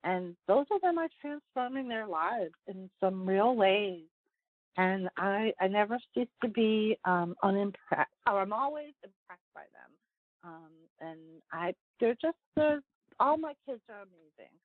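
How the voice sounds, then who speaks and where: A woman's voice: medium pitch, lively intonation, a little slow, no room sound. Woman guest, pastor, rambling earnest chat, phone-quality audio, dry sound. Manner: rambling, many fillers and restarts, earnest. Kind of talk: casual interview conversation.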